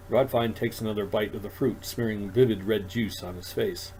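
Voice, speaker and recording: Low-voiced man reading his own story. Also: fairly even intonation, normal speed, few pauses, a little mellow, rough recording. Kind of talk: audiobook narration.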